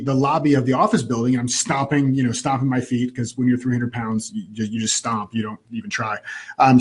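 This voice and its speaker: A man, a guest in an interview, telling a personal story in an animated way and often restarting his sentences. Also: medium pitch, slightly rough.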